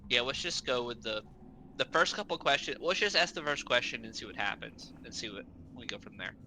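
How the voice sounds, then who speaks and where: Bright-voiced man thinking aloud at play. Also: mid-range voice, fairly quick, slight background noise, low-quality recording. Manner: thinking aloud, restarting sentences. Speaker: player. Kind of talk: casual tabletop game chat.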